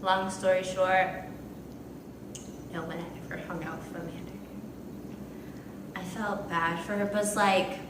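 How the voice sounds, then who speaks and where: A young adult woman telling a casual storytime to the camera, chatty and animated with lots of fillers. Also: lowish voice, far from the mic, background noise. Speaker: vlogger. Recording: echoey room from off-mic.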